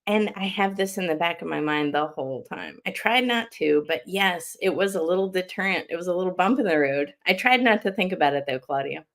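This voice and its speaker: A woman hosting an interview podcast, telling a story in a lively way, laughing often and acting out what people said. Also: lowish voice, fairly quick, few pauses. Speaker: podcast host. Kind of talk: casual interview chat.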